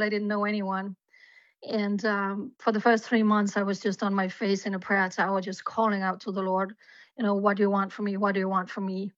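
A woman's voice: medium pitch, fairly bright tone, dry recording. A woman from Denmark telling her personal story as a guest on a radio interview, earnest and heartfelt. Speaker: guest journalist. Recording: dull lo-fi remote line.

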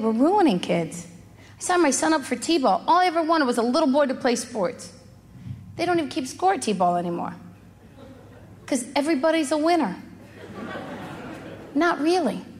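A woman's voice: high voice, darkish tone. A middle-aged woman doing stand-up, delivering brash, sarcastic punchlines. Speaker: stand-up comedian. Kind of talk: stand-up comedy set. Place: comedy club stage. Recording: echoey hall, crowd noise. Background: audience laughter.

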